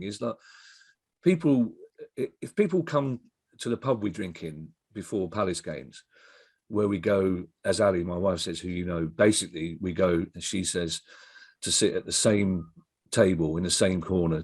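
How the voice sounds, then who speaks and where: Husky man telling rambling stories. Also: fairly low pitch, darkish tone, no echo, clean studio sound. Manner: rambling anecdotal storyteller, self-interrupting. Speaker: guest, comedy writer. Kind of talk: casual interview chat.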